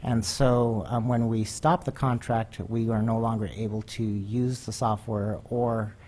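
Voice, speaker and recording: A man presenting a proposal at a school board meeting, talking in a halting way with many ums and restarts. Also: lowish voice, level tone, darkish tone. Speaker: district administrator presenting a proposal.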